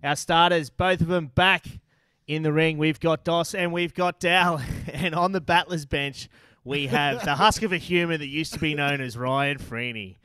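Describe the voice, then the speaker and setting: A man's voice: on the high side, moderate pace, sharp tone, smooth, no room sound. An Australian man hosting a rugby talk show, upbeat and teasing, laughing often. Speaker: host. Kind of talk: casual sports podcast chat.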